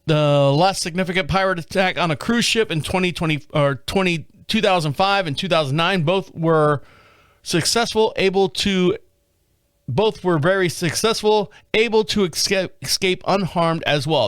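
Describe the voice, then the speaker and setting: A man hosts a podcast, reading stories in a loose, joking way and tripping over the odd word. His voice runs high for a man. The recording is close and completely dry. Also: fairly bright tone, clear, resonant tone, no echo. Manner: jokey asides, stumbles over words. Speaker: podcast host. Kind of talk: casual commentary reading news stories.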